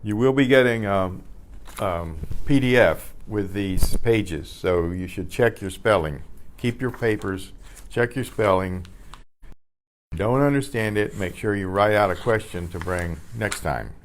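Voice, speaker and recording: An older man leads a beginner language lesson at an unhurried pace. His voice sits somewhat low, and he repeats each practice word several times, clearing his throat often between them. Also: a little hiss or hum. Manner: slow, patient drilling with repeated words and frequent throat clearing. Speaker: Spanish teacher. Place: community class room.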